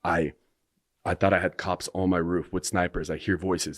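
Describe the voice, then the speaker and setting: A man appearing as a podcast guest tells a long personal story, rambling and breathless, with many restarts. His voice is low and steady, his pace quick, and the studio-quality recording has no room sound.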